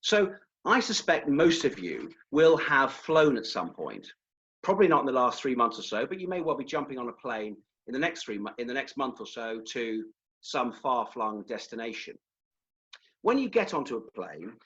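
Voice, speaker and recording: A man leading a webinar as a presentation skills trainer, animated and demonstrative, sometimes correcting himself mid-phrase. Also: mid-range voice, dull audio.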